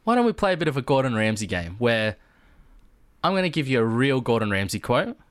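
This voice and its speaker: A man's voice: medium pitch, big pitch swings, a little fast. A man co-hosting a casual podcast, swearing a lot and laughing as he rambles. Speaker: podcast co-host. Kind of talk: casual chat.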